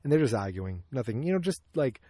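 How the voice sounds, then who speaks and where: A man hosting a podcast, recapping an episode in casual chat from his backyard, acting out the characters' lines in quick changing voices. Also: mid-range voice, big pitch swings, mellow, no room sound. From Massachusetts. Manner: chatty, acts out character lines with quick voice shifts. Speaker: podcast host. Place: outdoors in a backyard.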